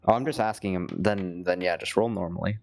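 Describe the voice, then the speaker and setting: A man's voice: low-pitched, vocal fry, soft background music. A man playing a tabletop game, speaking hesitantly in casual chat. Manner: slow, hesitant. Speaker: player.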